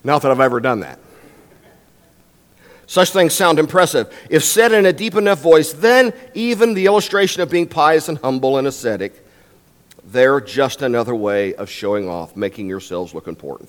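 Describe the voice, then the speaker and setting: A man's voice: mid-range voice, animated, normal speed. An older man preaching a sermon as a guest pastor in a church, emphatic and varying his pace for effect. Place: church sanctuary. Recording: long reverb in a church hall.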